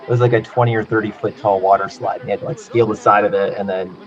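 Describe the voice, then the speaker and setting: This man in his thirties has a low voice with little rise and fall. He speaks in a relaxed, rambling way, as a guest sharing casual stories. The audio is dull and lo-fi. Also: quick pace, background noise. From California. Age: 30s. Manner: relaxed, rambling with frequent "like" and "you know". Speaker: interview guest. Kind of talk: casual interview storytelling.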